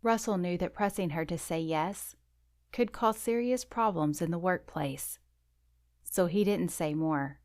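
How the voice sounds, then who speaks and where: A woman narrating a romance audiobook in an even, measured reading. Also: lowish voice, no room sound, clean studio sound.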